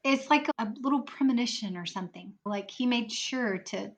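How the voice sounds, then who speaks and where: A woman's voice: a little high, normal speed, muffled recording. Woman telling a heavy personal story on a podcast, earnest, slips into voices of the people in it. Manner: earnest, acts out quoted voices in her story. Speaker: podcast guest.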